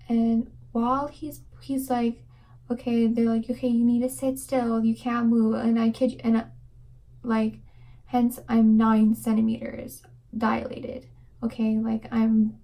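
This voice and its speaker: Young woman vlogging, kinda flat mellow voice, rambles w lots of likes and whispers bits. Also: a little high, creaky, rough recording. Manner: fast rambling with many fillers, drops to whispers. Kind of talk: casual storytelling to camera.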